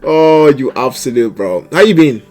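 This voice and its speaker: Animated young streamer guy, lively voice. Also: medium pitch, normal speed, over music. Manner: animated, laughing, swings between loud outbursts and mumbling. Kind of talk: casual livestream chat.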